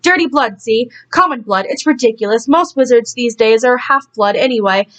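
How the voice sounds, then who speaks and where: Woman putting on a hoarse, queasy schoolboy, high-pitched storybook voice. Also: moderate pace, a bit bright, lightly acted. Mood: indignant.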